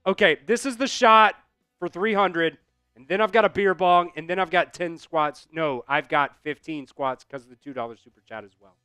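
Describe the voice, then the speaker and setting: A man calling a basketball game as an excited fan host on a live stream, out of breath from doing squats. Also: a little high, normal speed, clear, resonant tone, no room sound, studio quality, faint music behind. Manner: rowdy, chanting and yelling in celebration.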